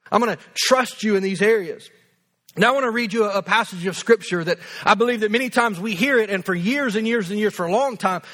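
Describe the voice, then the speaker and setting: A man's voice: sits high, fairly bright tone. A man in his thirties preaching a sermon as pastor, earnest and conversational, repeating phrases for emphasis.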